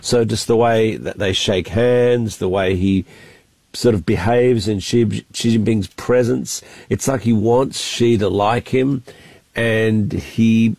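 A man's voice: fairly low pitch, steady tone, slow, a little mellow, dry recording. A male foreign correspondent giving a live, unscripted news analysis, chatty and thinking aloud with frequent restarts. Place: Beijing, reporting remotely.

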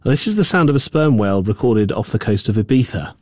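A man presenting radio news in a conversational, lively way. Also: on the low side, fast talker, slight background noise.

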